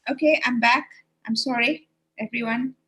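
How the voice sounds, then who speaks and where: A woman's voice: a little high, normal speed, fairly bright tone. A woman leading an online training webinar for teachers over a video call, encouraging and demonstrating read-alouds.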